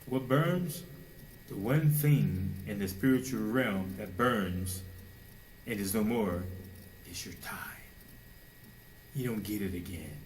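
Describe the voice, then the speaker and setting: A man preaching a sermon with fervor, firing rhetorical questions and now and then mocking people in a high, put-on voice. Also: animated, slow pace, darkish tone, slight background noise, low-quality recording.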